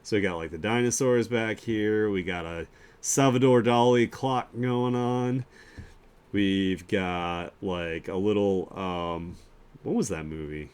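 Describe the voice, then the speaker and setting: A man's voice: lowish voice, slow, darkish tone, clean tone. A man hosting a live art share stream, chatting casually in a rambling way with lots of fillers and chuckles. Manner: laid-back and rambling, with many fillers and chuckles.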